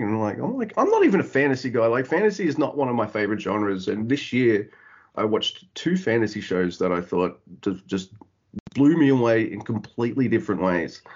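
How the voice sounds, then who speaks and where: A man's voice: mid-range voice, breathy edge, lo-fi sound. An Australian man co-hosting a podcast in casual chat, animatedly acting out his own past reactions. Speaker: podcast co-host.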